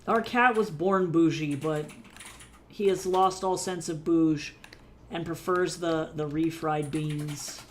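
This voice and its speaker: A casual art streamer rambling to chat between brush strokes, loose and unfiltered, with the odd swear. The voice sits at a middle pitch. A faint hum of noise runs under it. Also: steady tone, slow. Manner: loose and chatty, swears freely, talks to chat while working. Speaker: art livestreamer. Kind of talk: casual livestream chat while drawing.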